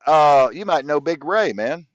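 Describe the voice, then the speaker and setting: A man's voice: on the high side, lively intonation, measured pace, dry recording. Guy rambling thru his stories, swears a lot, repeats stuff, dull dry lo-fi sound. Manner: rambling, profane, repeats himself. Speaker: guest. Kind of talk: casual storytelling interview.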